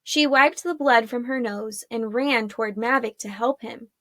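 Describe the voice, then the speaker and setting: A woman narrating a chapter of a fantasy story in a steady storytelling manner. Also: fairly high pitch, moderate pace, dry recording, clean studio sound. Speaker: audiobook narrator. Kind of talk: scripted narration.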